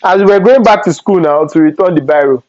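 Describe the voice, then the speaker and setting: Lively Nigerian young man telling stories. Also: high voice, fast talker, no echo, lo-fi sound. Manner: animated storytelling with Pidgin asides. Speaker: vlogger. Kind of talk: storytime vlog.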